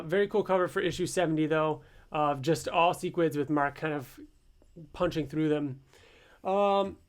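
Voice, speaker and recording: A man co-hosting a podcast, casually recapping a comic issue with frequent ums and uhs. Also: fairly high pitch. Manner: summarizes plot with many ums and uhs. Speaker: podcast co-host.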